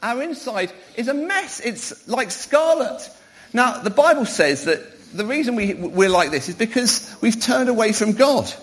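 A man's voice: extremely high pitch, animated, a little slow, a bit bright. A middle-aged man, a pastor, giving a playful children's talk in church, quizzing the children and calling them up to help. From Wales.

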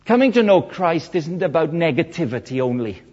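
Animated preacher with a husky voice. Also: male voice, moderate pace. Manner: animated storytelling, acts out quotes with big swings in pitch and loudness. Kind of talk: sermon. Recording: dull lo-fi sermon recording.

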